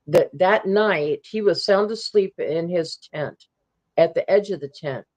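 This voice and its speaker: A woman guest recounting a personal camping encounter in a halting way, with many ums and restarts. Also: fairly low pitch.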